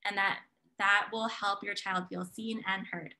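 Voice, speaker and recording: A woman presenting a parenting webinar over a video call, slowing down to model example phrases for parents. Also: mid-range voice, little pitch movement, low-quality recording. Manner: warm coaching tone, models example phrases slowly. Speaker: child psychologist presenter.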